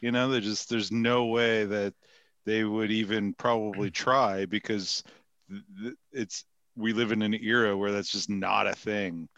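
A man hosting a casual chat, reacting in a quick, easygoing way. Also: fairly low pitch, steady tone, a bit bright, no echo, highs cut off.

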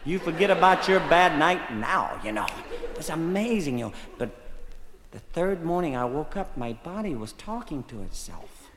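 A man's voice: fairly high pitch, very animated, moderate pace, background noise. A man from Texas telling a rambling comic story on a concert stage, folksy and full of asides. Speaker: folk singer and storyteller. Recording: live hall with long reverb, faint music.

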